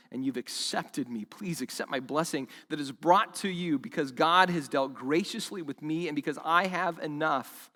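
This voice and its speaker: Pastor guy preaching, lively, acts out the quotes, bright higher voice, big echoey hall. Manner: animated, acts out quoted lines. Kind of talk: sermon. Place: church service in a school hall. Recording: long hall reverb.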